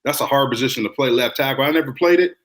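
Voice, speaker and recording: A man who coaches high school football, talking in a relaxed, reflective way with many fillers on a sports podcast. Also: racing. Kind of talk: casual sports talk.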